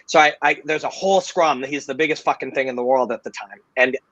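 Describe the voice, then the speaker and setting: A man hosting a video call chat, telling stories in a casual, profane, animated way. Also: mid-range voice, brisk, no room sound, muffled recording. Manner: animated, profane, tells stories with acted-out quotes. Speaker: host. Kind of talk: casual storytelling.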